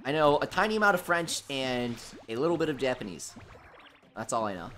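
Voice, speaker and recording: A young man chats through a live stream from home, answering viewers with dry, sarcastic humor. His pitch sits mid-range, yet it swoops up and down with lively movement. A faint bed of music plays underneath. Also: brisk. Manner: sarcastic, animated and joking. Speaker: livestream host. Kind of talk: live stream chat, reading viewer comments.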